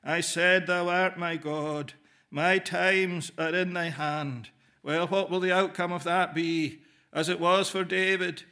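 A man preaching a sermon in measured phrases with frequent pauses, speaking directly to the listeners as "dear friend". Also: high-pitched, creaky, bright, forceful tone.

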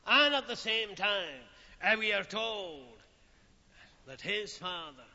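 A high, very bright male voice preaching a sermon at a slow, measured pace. He speaks with solemn weight and lets his phrases drop off into quiet pauses. The old lo-fi recording carries a long hall reverb. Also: animated.

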